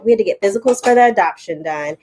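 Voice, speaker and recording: A young woman talks casually to her viewers in a family vlog. She tells stories playfully, with lively jumps in her delivery. Her pitch sits in an ordinary middle range. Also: fast talker, slight background noise. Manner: animated, playful storytelling. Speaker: vlog co-host.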